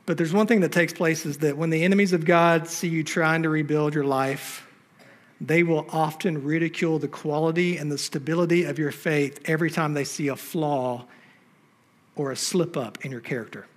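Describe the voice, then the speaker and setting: A pastor preaching a sermon on a church stage, emphatic and fond of rhetorical questions to the congregation. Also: male voice, fairly high pitch, fairly even intonation, moderate pace.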